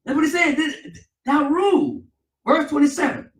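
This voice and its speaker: A man, a pastor preaching a sermon with call and response. He swings between loud, emphatic lines and softer ones. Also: extremely high pitch, big pitch swings, moderate pace. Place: church sanctuary. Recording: echoey church, mic at a distance.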